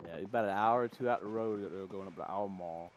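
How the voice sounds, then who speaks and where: A low-pitched man from North Carolina chats on a stream. He drifts from story to story, correcting himself as he goes, with faint clicking behind his voice. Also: fast, dull audio, a little hiss or hum. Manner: rambling, tangent-prone storytelling. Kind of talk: casual chat.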